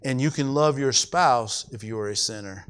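A man preaching a sermon as pastor, impassioned, stumbling and repeating words, his voice climbing high when he stresses a point. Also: moderate pace, a bit bright, clear, resonant tone. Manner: stumbles and restarts often.

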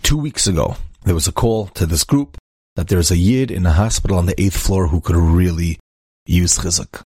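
A man's voice: low voice, moderate pace, a little mellow, husky, dry recording, studio quality. A man, a rabbi, telling a story in a conversational way, acting out the characters' lines and peppering his speech with Hebrew and Yiddish words. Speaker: rabbi and inspirational speaker. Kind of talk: storytelling talk.

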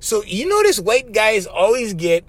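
A man with a Hawaiian Pidgin accent hosting his podcast, telling stories in a loose, laughing, animated way. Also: high-pitched, a little slow, dry recording. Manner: animated, laughs often, says bro constantly. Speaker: podcast host. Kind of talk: casual storytelling monologue.

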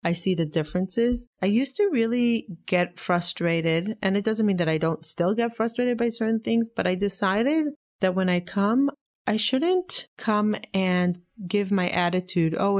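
A woman giving an earnest, self-reflective personal monologue. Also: fairly low pitch. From Israel. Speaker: vlogger.

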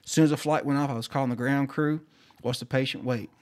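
Man, flight nurse guest on a podcast, animated storyteller who acts out every voice. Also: mid-range voice, fast talker. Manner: animated storyteller acting out dialogue.

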